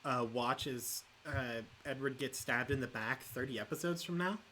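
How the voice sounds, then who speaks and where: A man's voice: medium pitch, bright, forceful tone, a little hiss or hum. A man co-hosting a gaming podcast in casual chat, joking and laughing a lot. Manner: joking, quick to laugh, puts on silly voices. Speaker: podcast co-host.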